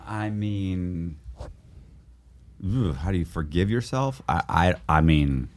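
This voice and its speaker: A man's voice: deep voice, animated, takes it slowly. A middle-aged man, the guest, telling a story in a podcast interview and acting out both sides of the dialogue. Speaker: guest, author.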